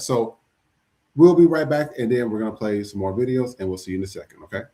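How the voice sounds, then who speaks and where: Male livestream host, mid-pitched, casual and rambling. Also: fast, warm tone. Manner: loose, chatty, frequent fillers and restarts. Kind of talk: casual chat reading viewer comments.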